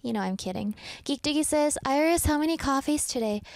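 A woman DJ on air in a studio, teasing her listeners and chatting freely. She is out of breath, with a fairly high voice picked up dry and close on the studio mic. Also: expressive, a little fast, vocal fry, no room sound. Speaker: radio DJ. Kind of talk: casual radio chat. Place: radio studio.

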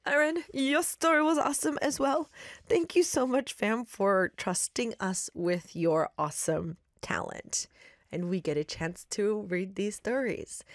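Animated woman hosting a radio show. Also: medium pitch, dry recording, studio quality. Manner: chatty, enthusiastic, warmly grateful. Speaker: radio host.

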